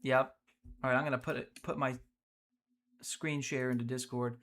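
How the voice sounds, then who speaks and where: A man hosting a live gameplay stream, energetic and chatty, talking to his viewers as he plays. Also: mid-range voice, moderate pace. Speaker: streamer, host.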